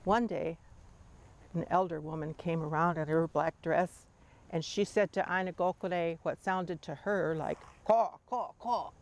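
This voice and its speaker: An older woman telling a family story to her grandchildren in a measured, tender way. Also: low-pitched, fairly even intonation.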